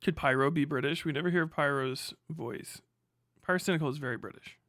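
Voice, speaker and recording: Rambling and profane, this man from the United States laughs often as he offers casual commentary on a live stream. He speaks at a quick pace in a fairly high, fairly bright voice, and the studio-quality audio has no echo.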